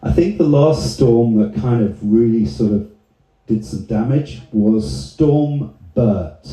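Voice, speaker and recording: A man's voice: medium pitch, expressive, slow, warm tone. A man performing a stand-up comedy set, telling profane, laid-back stories to a live audience on a club stage. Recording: echoey live venue.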